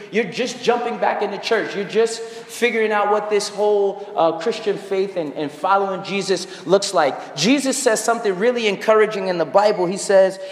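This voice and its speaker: A man's voice: high-pitched, echoey room, long reverb tail. A man in his thirties preaching a sermon as a guest preacher, telling a personal story with earnest rhetorical asides. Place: church sanctuary.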